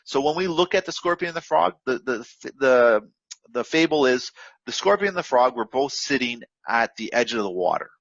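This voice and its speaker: A man's voice: medium pitch, expressive, moderate pace, a bit bright, dry recording, lo-fi sound. A man giving an unscripted, direct coaching talk on trading discipline, full of fillers and restarts. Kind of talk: unscripted motivational lesson.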